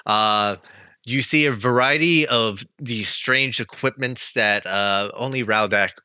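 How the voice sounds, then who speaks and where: A man narrating a tabletop game as game master, halting with many fillers. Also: mid-range voice, pushed and bright, clear, resonant tone, dry recording.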